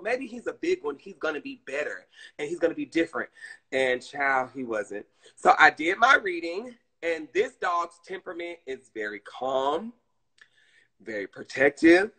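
A man's voice: fairly high pitch, sharp tone, low-quality recording. A man with a Southern US accent chatting casually on a live stream, addressing viewers and reading chat. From Southern United States.

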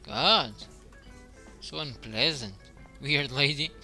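A man's voice: mid-range voice, takes it slowly, sharp tone, soft background music. A man commenting on a game playthrough, reading on-screen text aloud with dry asides. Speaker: gaming youtuber.

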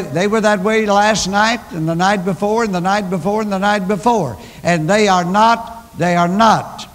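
An older man preaching a sermon, telling stories with emphatic repetition. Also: high voice. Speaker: pastor. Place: large church. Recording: long church hall reverb.

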